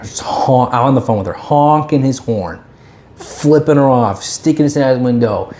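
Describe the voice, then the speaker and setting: In an indoor podcast room, a male co-host chats casually and tells stories, animatedly acting out what people said. He speaks at a medium pitch and a moderate pace.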